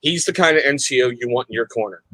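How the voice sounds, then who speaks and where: A man's voice: medium pitch, fast, a bit bright, no echo. Wisecracking man hosting a dry-miked chat. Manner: teasing, wisecracking banter. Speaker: host of veteran discussion panel. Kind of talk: casual panel chat.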